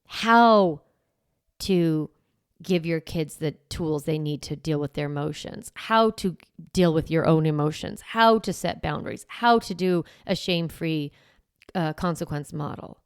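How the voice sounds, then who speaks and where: A woman's voice: sits low, a little slow, clear, resonant tone, no room sound, clean studio sound. A middle-aged woman coaching parents, speaking casually to camera in a chatty way with lots of "like". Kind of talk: casual talk to camera promoting a course.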